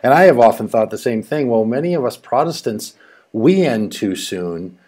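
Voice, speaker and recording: A man hosting an interview over a video call, earnest and lively, with many fillers and restarts. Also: mid-range voice, normal speed. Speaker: host. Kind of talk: casual interview. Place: home or office in a city.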